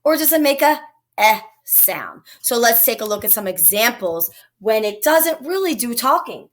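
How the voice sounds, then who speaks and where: A woman's voice: on the high side, sing-song, normal speed. A woman teacher giving a recorded phonics lesson to young children, patiently sounding out each word. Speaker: elementary teacher.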